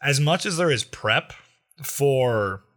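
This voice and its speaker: Bright-voiced casual male podcaster. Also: medium pitch. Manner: quick, animated, swearing, talks over his partner. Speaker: podcast co-host. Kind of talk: casual chat.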